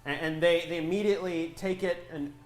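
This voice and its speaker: A man's voice: on the high side, fairly quick, reverberant, soft background music. A man running a tabletop game as game master, playful and chatty, laughing often.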